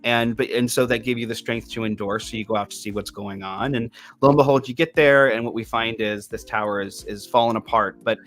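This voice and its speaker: A man's voice: mid-range voice, steady tone, a little fast, hardly any pauses, fairly bright tone, faint music behind. A man who is a medium, telling a long tarot story in casual podcast chat, rambling with frequent restarts. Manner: rambling, with many restarts and fillers. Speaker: medium giving a tarot reading.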